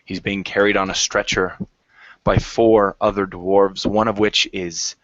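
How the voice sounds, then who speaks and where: A man narrating a tabletop game as game master, in a measured, descriptive way, on a lo-fi recording. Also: lowish voice, level tone, fairly bright tone, no room sound. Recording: dry lo-fi recording.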